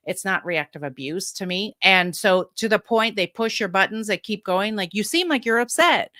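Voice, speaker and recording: A woman in her fifties talks openly as a podcast guest, frank and emphatic, with a clear, bright tone. She breaks into quick laughs between points. The sound is close and dry, with no room around it. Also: mid-range voice, no echo. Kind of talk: candid personal storytelling.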